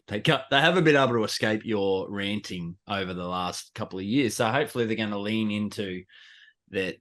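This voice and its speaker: A man's voice: on the low side, a bit bright. Rambling man on a podcast call. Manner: rambling, joking, crude. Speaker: podcast co-host. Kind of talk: casual podcast chat. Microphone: video call.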